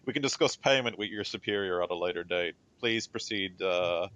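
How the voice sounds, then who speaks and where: A man's voice: low-pitched, fairly quick, a bit bright. A man voicing a courteous, formal seneschal serving a starship captain, in a tabletop game. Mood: polite.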